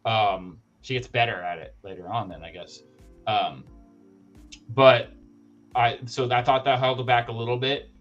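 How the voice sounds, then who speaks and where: A man's voice: mid-range voice, fairly even intonation, a little slow, a bit bright, lo-fi sound, soft background music. A man co-hosting a live show, giving a casual, enthusiastic movie review full of fillers and restarts. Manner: rambling, many fillers and restarts. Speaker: podcast co-host reviewing movies.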